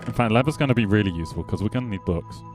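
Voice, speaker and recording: Talking very fast in a lowish voice over music, a man streams his gameplay with casual, meandering commentary. He chats with viewers and throws them teasing jabs.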